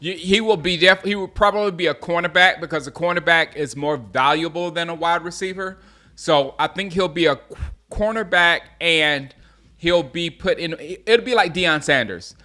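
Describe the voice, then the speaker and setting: A man from South Carolina hosting a live game watch-along, reacting loudly to plays and chatting with viewers by name. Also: on the high side, moderate pace. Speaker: host.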